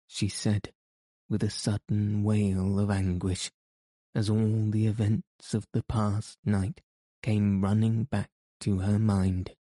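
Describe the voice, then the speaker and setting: Male audiobook narrator, low mellow voice, flat even delivery, slow, dry close sound. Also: no echo. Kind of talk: scripted narration of a classic novel.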